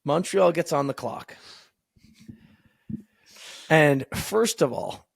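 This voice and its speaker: A man co-hosting a casual hockey podcast, telling stories excitedly. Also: fairly high pitch, slow, gravelly, no room sound. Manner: excitable storyteller, swears casually. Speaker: podcast co-host.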